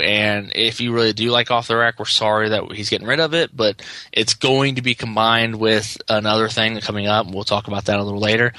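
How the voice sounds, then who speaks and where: A man's voice: lowish voice, pushed and bright, no room sound. A man co-hosting a casual podcast, sounding sleepy and rambling through plans with many fillers and restarts. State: yawning, sleepy. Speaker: podcast co-host.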